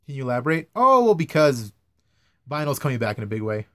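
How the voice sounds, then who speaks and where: A man's voice: medium pitch, sing-song, quick pace, dry recording, studio quality. A young man ranting casually to camera about his news camera work, swearing a lot and sounding exasperated. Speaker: vlogger, news camera operator.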